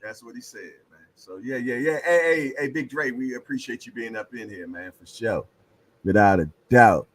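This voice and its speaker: A man's voice: mid-range voice, normal speed, slight background noise, rough recording. Joking, slangy man hosting a hangout. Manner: loose, joking, slangy, laughs often. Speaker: host. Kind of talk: casual chat and storytelling.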